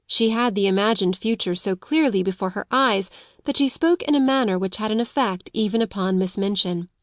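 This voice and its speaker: A woman's voice: medium pitch, brisk, no room sound, clean studio sound. Woman narrating a classic novel. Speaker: audiobook narrator.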